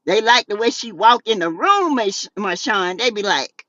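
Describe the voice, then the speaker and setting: A Southern woman hosting a casual gossip show, sassy and animated, laughing often as she reads out chat messages. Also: medium pitch, normal speed, few pauses, no echo, muffled recording. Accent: Southern US, South Carolina. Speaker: YouTube talk show host. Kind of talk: casual gossip commentary reading live chat.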